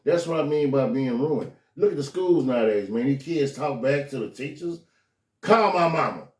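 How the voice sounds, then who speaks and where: A man's voice: medium pitch, moderate pace, distant mic. A man talking casually and telling stories, acting out the voices of the people in them. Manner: animated storyteller acting out quoted voices. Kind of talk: casual storytelling chat. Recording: echoey room, voice off-mic.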